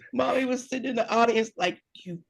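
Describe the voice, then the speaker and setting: Female co-host, animated storyteller, slight vocal fry, casual delivery. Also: on the high side, brisk. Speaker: podcast co-host.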